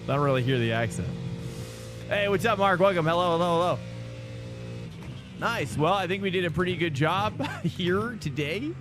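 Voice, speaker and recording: A man's voice: sits high, lively intonation, normal speed, pauses often, over music. A young man streaming a sim race live, rambling and chatting with viewers. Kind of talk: live stream chat while racing.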